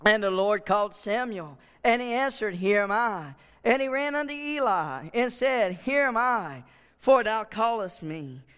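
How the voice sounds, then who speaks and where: A man's voice: high voice, expressive, unhurried, fairly bright tone, clean tone, long reverb tail. A man preaching a sermon as pastor, often asking the congregation questions and answering them himself. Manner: preaching with call-and-response questions.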